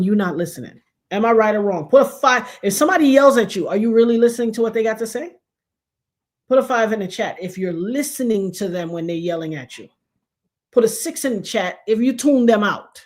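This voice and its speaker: A woman's voice: medium pitch, darkish tone. A middle-aged woman in the middle of her talk show with a voice of ordinary height. She hands out advice in an emphatic, preachy, folksy way. For effect, she sometimes drops her voice almost to a whisper. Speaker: livestream talk show host. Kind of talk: casual advice chat to a live chat.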